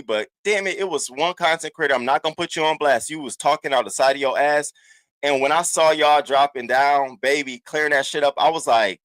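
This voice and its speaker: Brief: male livestream host, AAVE, lively and profane, greeting viewers one by one, dry room. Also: a little high, a little fast, no echo. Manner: animated, profane, shouting out chat names. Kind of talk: casual livestream chat.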